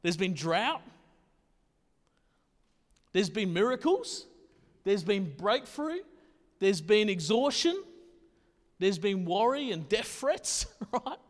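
A man's voice: sits high, big pitch swings, takes it slowly, long pauses. A male pastor preaching a sermon in a casual, conversational way, often checking in with his listeners. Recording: long reverb in a hall.

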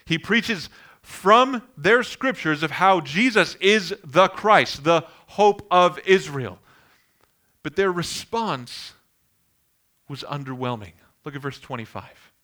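Bright-voiced male preacher, earnest sermon. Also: fairly high pitch, expressive, slow. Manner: earnest, builds emphasis on key phrases; tells homely anecdotes in the sermon. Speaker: pastor.

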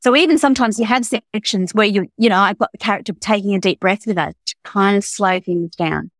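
A woman novelist explaining her writing process in an interview, thoughtful and a little halting. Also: medium pitch, no echo. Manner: thoughtful, with frequent restarts and fillers. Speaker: novelist guest. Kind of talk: casual interview chat.

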